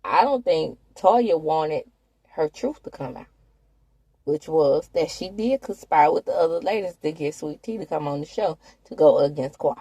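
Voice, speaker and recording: Woman, husky voice, animated pitch, gossipy casual recap host. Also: normal speed, no room sound. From Mississippi, USA. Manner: chatty, gossipy, talks straight to viewers. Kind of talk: casual reality-TV recap commentary.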